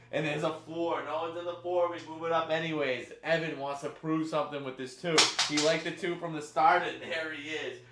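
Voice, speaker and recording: A man hosting a live stream, calling a chat horse race with animated play-by-play and banter. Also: a little high, roomy sound, heavy background noise. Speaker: stream host.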